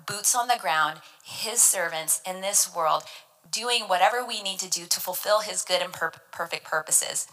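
A woman's voice: mid-range voice, pushed and bright, rough recording. A woman giving devotional Bible teaching, earnest and emphatic, explaining verses word by word.

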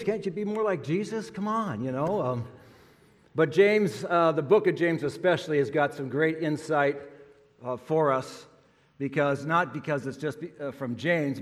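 An older man, a pastor, giving a chatty, folksy sermon full of stories and fillers. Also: fairly high pitch. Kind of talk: sermon with jokes. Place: church sanctuary. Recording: long church reverb.

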